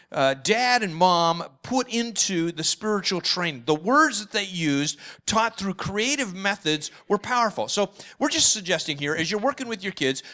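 A man's voice: high-pitched, bright, forceful tone. A man speaking enthusiastically at a parenting seminar, sharing lessons and memories.

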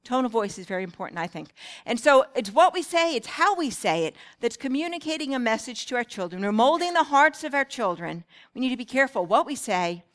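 Earnest middle-aged woman, parenting seminar speaker, high voice, storytelling delivery. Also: big pitch swings, a little fast.

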